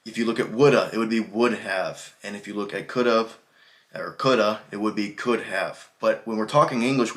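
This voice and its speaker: An American man giving a casual English lesson, explaining everyday spoken contractions in a relaxed, conversational way. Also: on the low side. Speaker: English teacher.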